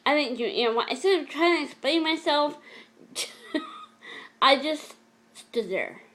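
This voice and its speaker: A middle-aged woman speaks to her viewers in a fairly high voice, telling a painful story from her past. She talks in an emotional, halting way, often stopping to restart or repeat a phrase. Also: expressive, fairly bright tone. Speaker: vlogger. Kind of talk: personal storytelling vlog.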